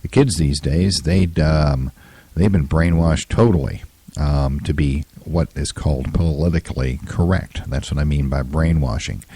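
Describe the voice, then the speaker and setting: Hoarse, very deep-voiced man in his fifties. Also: mellow, no room sound. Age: 50s. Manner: opinionated, rambling with many fillers. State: hoarse, scratchy throat. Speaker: podcast host. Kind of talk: solo political talk show.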